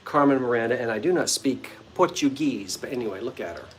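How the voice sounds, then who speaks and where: A man's voice: mid-range voice, expressive, brisk, slight background noise. Chatty man hosting a live sale. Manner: chatty, playful, talks to viewers by name. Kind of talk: casual livestream chat. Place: front porch of an old bungalow.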